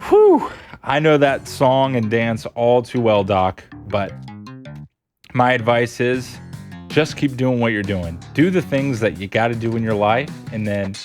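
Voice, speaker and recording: A man's voice: mid-range voice, a little slow, faint music behind. A man streaming a platform game, chatting casually with his viewers and laughing often. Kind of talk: casual gameplay chat with chat readers.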